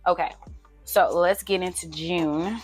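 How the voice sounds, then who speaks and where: A woman's voice: lowish voice, steady tone, unhurried, husky, faint music behind. A young woman chatting casually and playfully while she works through a household budget on paper, teasing herself as she reads numbers aloud. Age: young adult. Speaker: budgeting vlogger.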